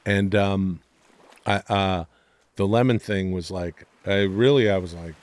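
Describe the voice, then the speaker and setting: A man's voice: sits low, fairly even intonation, unhurried, no echo. Rambling, profane male comedian guest. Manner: rambling, profane, self-deprecating. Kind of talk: casual podcast storytelling.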